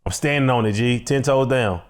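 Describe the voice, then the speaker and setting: A man's voice: medium pitch, a little fast, clear, resonant tone. A man with a Chicago accent co-hosting a casual podcast, slangy and laid-back, laughing often. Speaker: co-host.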